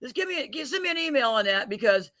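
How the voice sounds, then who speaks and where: Running a casual livestream giveaway, a man jokes loosely, laughs a lot and calls out viewers by name. His voice is very high, pushed and bright, and he talks fast and with great animation.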